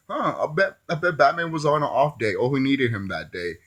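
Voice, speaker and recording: A man's voice: medium pitch, expressive, moderate pace, few pauses. A man giving a casual, rambling movie review who often laughs at his own jokes.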